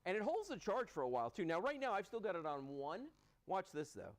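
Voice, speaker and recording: A man hosts a live shopping broadcast from a TV studio, talking in a loose, chatty way full of "you know" and "uh." His voice is animated, rising and falling widely in pitch. He sounds enthusiastic as he demonstrates a product. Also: fairly quick, poor audio. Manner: chatty, enthusiastic, lots of fillers. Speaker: home shopping host. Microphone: earpiece and studio mic.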